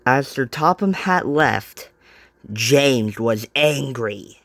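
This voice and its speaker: A man's voice: mid-range voice, lively intonation, drawn-out words, fairly bright tone, no echo, studio quality. Man reading a homemade train story. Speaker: narrator. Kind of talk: amateur storybook narration.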